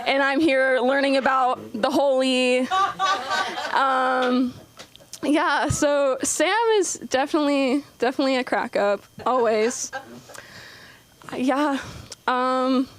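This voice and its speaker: A woman's voice: high voice, steady tone, slow pace. A young woman doing her first stand-up set, nervous and rambling with lots of ums and likes. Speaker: first-time stand-up comic. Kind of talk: open-mic stand-up set. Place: comedy club stage. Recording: live club audience noise.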